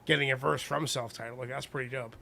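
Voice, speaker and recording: A male podcast host chatting casually and rating songs, rambling and animated. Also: medium pitch, quick pace, gravelly, a crowd in the background. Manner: rambling, animated, self-deprecating.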